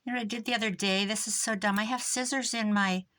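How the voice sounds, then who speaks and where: A woman's voice: medium pitch, steady tone, fast talker, pushed and bright. An older woman hosting a crafting tutorial, chatty and rambling, mocking herself and laughing often. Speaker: crafting video host.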